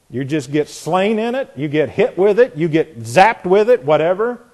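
A man preaching an expository sermon, hammering home key phrases by repeating them and dropping into quiet asides. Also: a little high.

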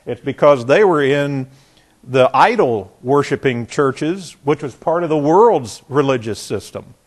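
A man's voice: medium pitch, expressive, a little slow, slightly rough. A man teaching a bible class in a conversational way, trailing off and restarting his sentences with frequent asides.

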